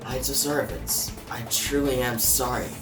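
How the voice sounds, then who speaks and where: A man voicing a remorseful middle-aged male killer who speaks quietly and apologetically. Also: mid-range voice, moderate pace, distant mic, close to an everyday voice. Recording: roomy echo, faint music.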